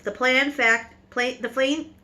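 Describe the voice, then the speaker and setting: A woman voicing a calm, patient, determined old grandmother in a storybook reading. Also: high-pitched, slow, full character voice. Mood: calm firmness.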